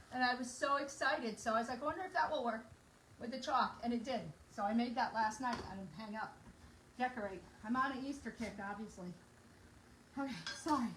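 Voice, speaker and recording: A woman's voice: on the high side, background noise. Chatty woman demonstrating crafts in a kitchen. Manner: chatty, bubbly, talks while working. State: out of breath. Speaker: craft vlogger. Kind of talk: casual demo chat. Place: home kitchen.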